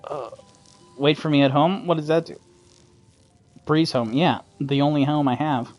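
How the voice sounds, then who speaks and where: A man's voice: on the high side, a little slow, dull audio, faint music behind. A man giving casual, rambling commentary while playing a video game, cursing and laughing as he reacts. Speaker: gamer streamer. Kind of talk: casual gameplay commentary to his mother.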